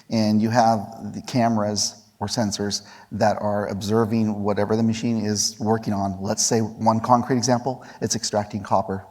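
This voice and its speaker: A man's voice: lowish voice, a little mellow. A man on a conference panel, explaining eagerly with examples and asking "right?". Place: large conference hall. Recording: long reverb of a large conference hall.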